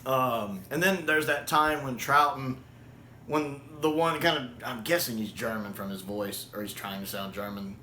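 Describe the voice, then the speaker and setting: A man casually reviewing a show, enthusiastic and quick to laugh. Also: mid-range voice, bright, forceful tone. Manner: enthusiastic, laughs often, acts out quotes. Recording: echoey room with faint hiss.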